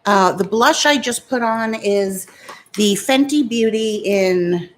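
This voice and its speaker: A woman beauty vlogger with a mid-range voice talks slowly and casually as she does her makeup. She answers viewer comments defiantly and chattily, talking back to her critics.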